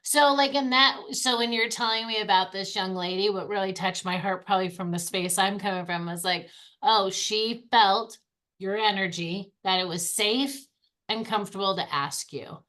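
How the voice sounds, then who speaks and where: A woman's voice: mid-range voice, normal speed, pushed and bright. A woman who is a guest on a podcast, speaking in an affirming, reflective way about energy and the spirit, often restarting her sentences in casual conversation.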